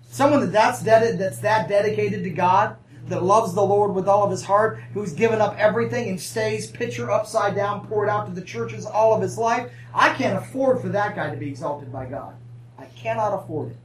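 Preacher for a live church sermon: conversational and playful, pauses for call-and-response, recorded from a distance in a roomy hall with faint background noise. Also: medium pitch. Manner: call-and-response, asking the congregation for amens; conversational, with humorous asides and laughs. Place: church sanctuary.

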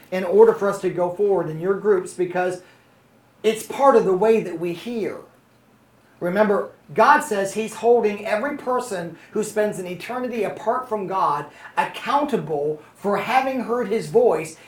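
Conversational Bible study teacher in an echoey room. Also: medium pitch. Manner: conversational, often checks in with "okay?" and "are you following?". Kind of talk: Bible study lesson to a small group.

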